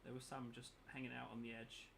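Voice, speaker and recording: Bright-voiced man muttering while painting. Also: mid-range voice, monotone, a little fast, creaky, a little hiss or hum. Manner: thinks aloud, mutters while working. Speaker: miniature painting channel host. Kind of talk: casual chat while painting.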